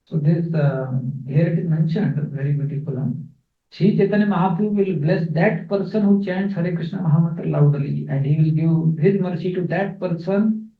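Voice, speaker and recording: Guy teaching scripture in a temple hall, kinda high voice, tinny phone-like sound, roomy echo. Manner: explains verses slowly, with fillers and repeats. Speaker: spiritual teacher. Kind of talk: scripture class. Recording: echoey, phone-like, distant.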